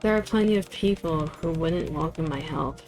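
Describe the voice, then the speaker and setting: A woman voicing a hooded young heroine in a game story, gruff but kind and matter-of-fact. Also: deep voice, normal speed, a little mellow, faint music behind.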